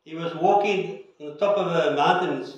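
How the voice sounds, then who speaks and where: A male pastor giving an earnest sermon and prayer with measured pauses, recorded in a church sanctuary. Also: fairly high pitch, lo-fi sound. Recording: echoey church from a distance.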